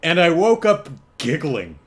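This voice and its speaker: Wry, slow-talking male podcast host. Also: on the high side, wildly swooping pitch. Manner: chuckling, wry storytelling with frequent restarts. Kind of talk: casual solo podcast chat. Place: home, apartment.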